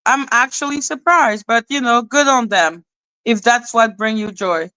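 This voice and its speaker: A woman's voice: fairly high pitch, a little slow, bright, forceful tone, no echo, rough recording. A woman doing blunt, exasperated live-stream commentary, ranting and repeating herself.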